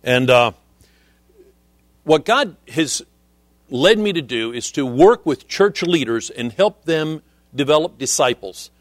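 A middle-aged man preaching a sermon as a visiting missionary, earnest and measured, often quoting scripture. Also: on the high side, expressive, no echo, clean studio sound.

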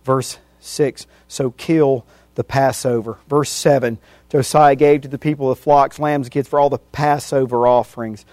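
A man preaching a sermon, reading scripture verse by verse and repeating phrases for emphasis, his voice swinging from loud emphatic peaks to hushed endings. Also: mid-range voice, fairly even intonation, normal speed, no room sound.

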